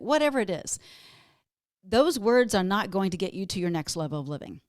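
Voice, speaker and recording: A woman's voice: mid-range voice, lively intonation, normal speed, clear, resonant tone, dry recording, studio quality. A woman from Minnesota, a wellness guest on a podcast interview, telling stories in an upbeat, motivational way.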